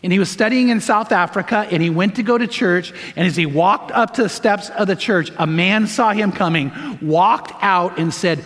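A man's voice: sits high, normal speed, few pauses, fairly bright tone. A man pastor delivering a sermon in an emphatic preaching manner, pressing points with repeated phrases. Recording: long reverb of a large hall.

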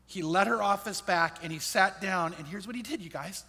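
A middle-aged man, a pastor, telling a personal story in an earnest, reflective way, often dropping his voice low and soft at the sad parts. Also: normal speed, vocal fry, husky, big-room sound.

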